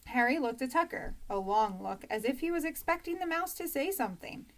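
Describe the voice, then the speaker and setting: A woman narrating a children's storybook in a calm, even reading voice. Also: high voice, brisk, few pauses. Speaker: audiobook reader.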